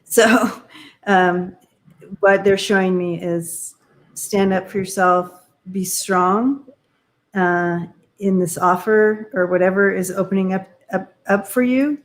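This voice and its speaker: Woman giving halting tarot readings. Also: medium pitch, steady tone. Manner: halting, searching for words, many fillers; encouraging, gives gentle advice. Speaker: tarot reader. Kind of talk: live-stream card reading.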